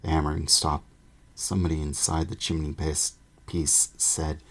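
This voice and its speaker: A man reading a children's fantasy novel aloud in a measured way, with occasional small restarts. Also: a bass voice, little pitch movement, a bit bright. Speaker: audiobook narrator. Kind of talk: storybook read-aloud.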